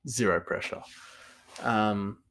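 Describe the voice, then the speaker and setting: A man's voice: on the low side, slow pace, a bit bright. A man hosting a casual solo talk, rambling with lots of fillers and chuckling asides. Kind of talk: casual monologue.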